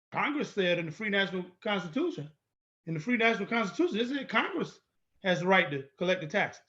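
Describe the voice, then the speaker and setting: A man's voice: high voice, bright, forceful tone, dull audio. A man giving an emphatic, confrontational lecture, repeating his points boldly. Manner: emphatic, repetitive, bold and confrontational. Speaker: instructor. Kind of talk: lecture-style video walkthrough.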